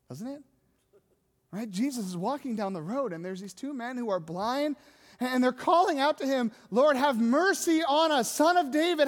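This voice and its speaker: A pastor delivers a sermon in a high-pitched voice, talking to the congregation in a chatty way and asking them rhetorical questions. The voice carries a long hall reverb from the church sanctuary.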